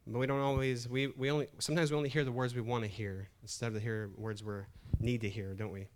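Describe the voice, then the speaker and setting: A man's voice: mid-range voice, level tone, fast, a little hiss or hum. A middle-aged man preaching a sermon in a conversational way, often restarting phrases and building emphasis. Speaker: pastor.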